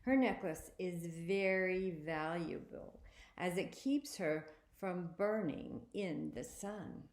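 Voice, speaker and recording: Slow, expressive woman reading a story. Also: lowish voice, reverberant. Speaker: story reader. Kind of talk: reading a children's story aloud.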